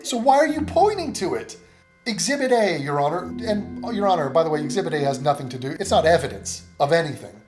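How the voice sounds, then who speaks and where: A man making heated reaction commentary, sarcastic and profane, with rapid-fire rhetorical questions. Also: fairly high pitch, very animated, over music. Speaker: commentary YouTuber.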